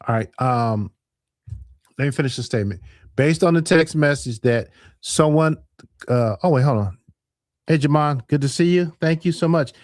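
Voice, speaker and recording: A man hosting a casual livestream, reading viewer comments aloud, laughing often and answering the chat with an animated manner. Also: on the high side, normal speed, long pauses, dry recording, studio quality. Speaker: livestream host. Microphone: headset or desk mic with earphones.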